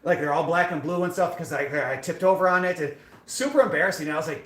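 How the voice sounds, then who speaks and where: A man's voice: a little high, quick pace, fairly bright tone. A young man live-streaming, telling a rambling, self-deprecating story full of fillers. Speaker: fitness streamer. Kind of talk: casual live-stream chat. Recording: echoey room.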